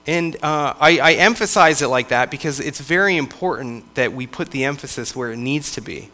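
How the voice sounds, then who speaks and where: A man, a church elder, preaching a sermon in a conversational, halting way with frequent restarts. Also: mid-range voice, pushed and bright.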